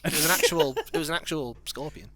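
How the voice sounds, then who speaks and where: A man's voice: fairly high pitch, fast talker. A man co-hosting a film commentary from home, speaking with dry, sarcastic humour. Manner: dry, sarcastic, mock-deadpan. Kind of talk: joking film commentary chat.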